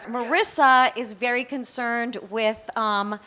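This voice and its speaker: A woman's voice: on the high side, steady tone, slow, a crowd in the background. A woman chatting as an interview guest, tossing in short reactions. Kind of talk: casual chat.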